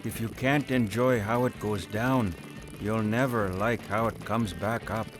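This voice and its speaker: Man voicing a solemn cartoon guru, low and slow. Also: music in the background, close to an everyday voice. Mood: serene. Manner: calm, solemn. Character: deep, serene drinking guru.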